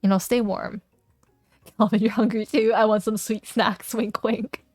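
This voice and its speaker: A woman's voice: mid-range voice, fairly even intonation, measured pace, a little mellow, no room sound, clean studio sound, faint music behind. A young woman streaming a game, chatting playfully and reading its text aloud, giggling often.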